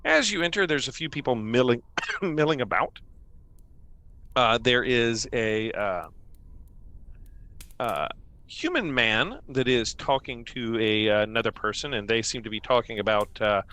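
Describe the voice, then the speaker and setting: A man's voice: mid-range voice, expressive, a little slow, pauses often, bright, forceful tone. A man narrating a tabletop game as game master, meandering with many fillers.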